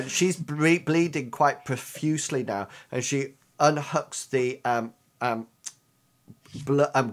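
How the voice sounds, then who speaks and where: A man running a tabletop game as game master, talking in a halting way with many ums and restarts. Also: mid-range voice.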